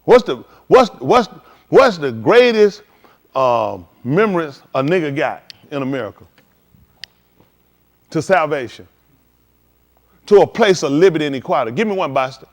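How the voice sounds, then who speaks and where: A man's voice: a little high, big pitch swings, moderate pace, long pauses. A man preaching at a livestreamed scripture teaching, emphatic and slangy, firing rhetorical questions at his listeners. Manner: slangy street talk.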